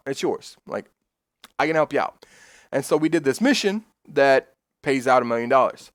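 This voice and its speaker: Rambling excitable streamer guy, dry sound. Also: medium pitch, fairly quick, dry recording. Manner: rambling, excitable storytelling, swears freely. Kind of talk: casual chat stream.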